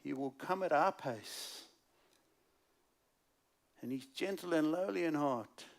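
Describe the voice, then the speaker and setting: A man preaching a sermon as a guest speaker at a church service, alternating loud, emphatic lines with hushed, quiet asides. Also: a little high, slow, creaky.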